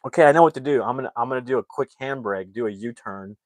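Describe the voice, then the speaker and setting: A man's voice: mid-range voice, quick pace, no echo, lightly acted. A man putting on the voice of an overeager, earnest family father while retelling a movie.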